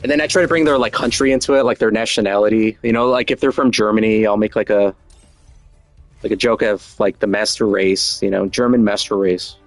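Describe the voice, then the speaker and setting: A man's voice: lowish voice, steady tone, a little fast, no echo, faint music behind. A man talking casually in a boastful, rambling way, chuckling now and then as he goes. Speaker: show host. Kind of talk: casual monologue.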